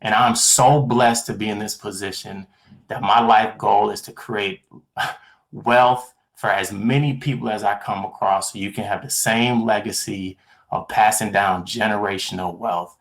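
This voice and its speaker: A middle-aged man with a somewhat low voice delivers a motivational talk. He hammers home key lines by repeating them and livens up when he acts out remembered conversations. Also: steady tone, measured pace, fairly bright tone. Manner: acts out quoted dialogue with livelier voice. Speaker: motivational speaker.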